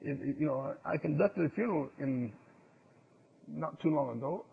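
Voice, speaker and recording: A man preaching a sermon, swinging from loud, emphatic declarations to low, hushed asides. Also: expressive, moderate pace, gravelly, breathy edge. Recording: dull lo-fi sound.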